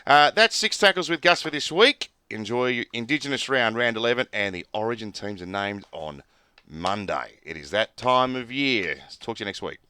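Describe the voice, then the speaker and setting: A hoarse Australian man hosting a sports show, running briskly through team news. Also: medium pitch, lively intonation, bright, forceful tone, dry recording.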